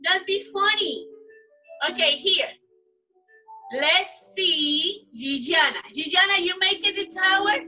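A woman teaching young children in an online class, coaxing and praising them in simple, animated phrases. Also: very high voice, unhurried, distant mic, faint music behind, poor audio. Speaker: preschool teacher.

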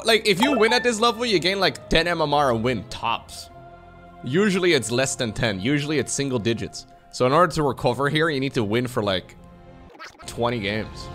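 Chatty, animated male streamer. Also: mid-range voice. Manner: chatty, sarcastic, laughs often. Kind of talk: casual gameplay commentary.

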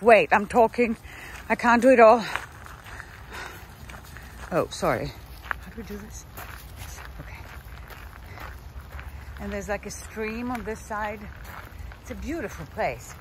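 A woman's voice: mid-range voice, expressive, a little slow, long pauses, noisy background. Breathless woman cooing at her dogs. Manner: coos endearments at dogs between chatty asides. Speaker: dog walker. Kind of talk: casual walking vlog. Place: outdoors on a woodland preserve trail.

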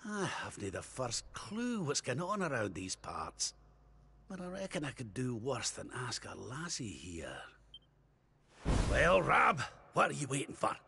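A man voicing a lecherous, bumbling old male king with a gravelly, husky voice, over game music. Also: mid-range voice, huge pitch swings, measured pace, bright, forceful tone, a little hiss or hum, pitched below the performer's own voice, exaggerated voice. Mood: wheedling. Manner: wheedling and flustered.

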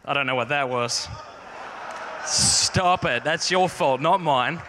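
A man's voice: a little high, slow pace, noisy background. A man telling a humorous, self-deprecating story as a speaker to a youth audience in a large conference hall. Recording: long hall reverb.

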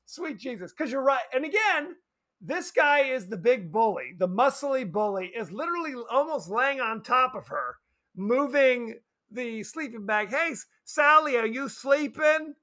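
Podcast co-host, male, high and bright voice, animated, acts out scenes. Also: a little slow. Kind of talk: casual movie chat.

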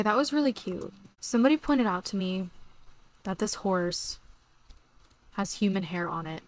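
Young woman, casual game commentary, gushy and excitable, mid-pitch voice. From Florida. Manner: excitable, gushing, chatty with frequent "like" and "oh my god". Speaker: gaming video host.

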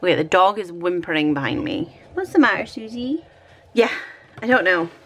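Scottish woman, home crafting vlogger, chatty and self-mocking, animated pitch. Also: moderate pace. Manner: chatty, thinking aloud, self-deprecating. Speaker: planner vlogger. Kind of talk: casual chat while decorating a planner.

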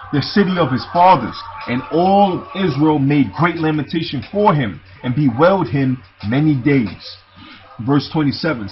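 A man reading scripture aloud and breaking off into casual commentary, often tossing in "man" and "you see". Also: fairly high pitch. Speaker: scripture teacher. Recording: dull lo-fi recording with music behind.

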